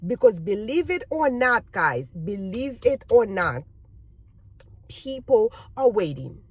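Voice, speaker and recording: A non-native English-speaking woman vlogging earnest advice to her viewers, halting and repeating words as she restarts her sentences. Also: medium pitch, very animated, breathy edge, dry recording. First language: not English. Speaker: YouTuber.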